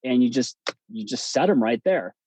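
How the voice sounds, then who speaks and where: A man, a guest on an interview podcast, telling stories in a relaxed, chatty way with plenty of fillers and restarts. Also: medium pitch, moderate pace, a little hiss or hum, poor audio. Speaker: podcast guest, breathwork instructor. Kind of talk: casual storytelling interview.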